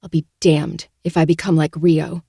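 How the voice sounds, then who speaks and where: Brief: man doing a high, sharp young heroine, scared but defiant, audiobook. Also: steady tone, normal speed, no room sound, clean studio sound. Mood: angry. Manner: sharp, urgent, frightened. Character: fierce, panicked young woman heroine. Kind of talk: audiobook character reading.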